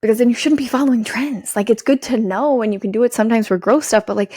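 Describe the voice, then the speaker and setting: A woman hosting her own podcast, giving an energetic, swearing pep talk to her listeners. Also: on the high side, fast, few pauses, husky, no echo, studio quality. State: out of breath. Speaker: podcast host and business coach. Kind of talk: solo podcast monologue.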